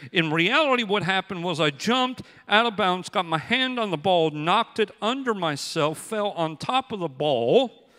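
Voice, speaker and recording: Guy pastor preaching, bright voice, acts out his stories, echo of a big hall. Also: sits high. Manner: animated storytelling with acted-out quotes. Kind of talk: sermon.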